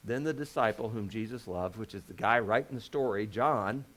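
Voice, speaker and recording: A man's voice: lowish voice, moderate pace, a bit bright. A man preaching a conversational sermon as a pastor, folksy and joking, with lots of rhetorical questions.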